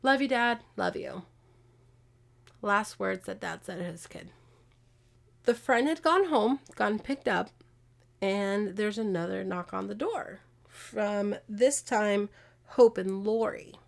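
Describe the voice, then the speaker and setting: A woman with a touch of vocal fry hosts a casual true-crime podcast. She tells the case in a conversational way and throws in exasperated comments. Her pitch sits in a middle range. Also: slow. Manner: animated, acts out quotes, exasperated asides. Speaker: podcast host.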